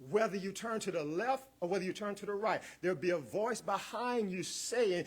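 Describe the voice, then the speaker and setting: A man's voice: sits high, measured pace, breathy edge. A man preaching a rousing sermon as guest minister, repeating words, building in waves, calling out to the congregation and chuckling between points.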